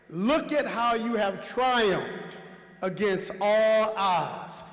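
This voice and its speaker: A man's voice: high-pitched, animated, slow pace, fairly bright tone. A man on staff at a school, giving a commencement speech with call-and-response chants and a rousing, preacher-like rhythm full of repetition. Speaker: school staff speaker at a graduation. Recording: echoey hall with long reverb.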